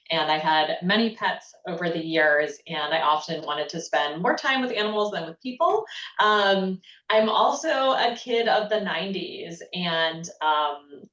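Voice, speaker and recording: A woman, a guest on a panel, answering in a friendly, reflective way with many pauses and ums. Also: on the low side, fairly bright tone. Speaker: panel guest, sustainability advocate. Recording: dull, echoey sound from far off.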